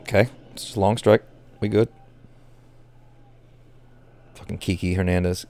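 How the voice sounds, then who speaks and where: A man reacting live to a baseball game as a nervous fan, cursing, groaning and pleading with the pitcher. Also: fairly even intonation, unhurried, long pauses, a little mellow, no room sound. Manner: anxious, profane, swings from groans to outbursts.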